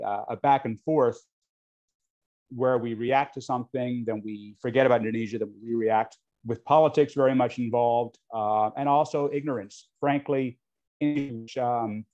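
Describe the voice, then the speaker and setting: A man's voice: mid-range voice, mellow. An American man giving an unscripted talk as a guest speaker, speaking frankly with many ums and restarts. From United States. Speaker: guest speaker on US-Indonesia relations. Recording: dull lo-fi audio.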